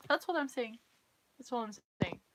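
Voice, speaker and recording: A woman's voice: fairly high pitch, expressive, moderate pace, a bit bright, dry recording. A young woman from France with a French accent, chatting casually and candidly on a live stream in English, her second language. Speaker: cosplay livestreamer.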